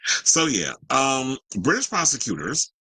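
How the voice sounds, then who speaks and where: Animated, bright-voiced male gossip host. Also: medium pitch, unhurried, slightly rough, no room sound, low-quality recording. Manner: loose, joking, sarcastic, colloquial. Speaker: host of a celebrity news show. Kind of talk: casual commentary, reading news with asides.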